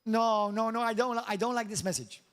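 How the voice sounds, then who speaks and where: A middle-aged male pastor from Malta, preaching a lively sermon in a church and often questioning his congregation or slipping into mocking high voices. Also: a little fast. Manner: animated, swings into high mock voices and asks the congregation questions. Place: church hall.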